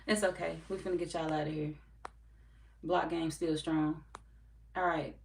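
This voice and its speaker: A woman's voice: low-pitched, level tone, measured pace, creaky, darkish tone. Laid-back woman reading chat, roomy echo. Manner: laid-back, swears freely, laughs often. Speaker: tarot reader streaming live. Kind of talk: casual live-stream chat reading comments. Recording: roomy echo from far off mic, faint background noise.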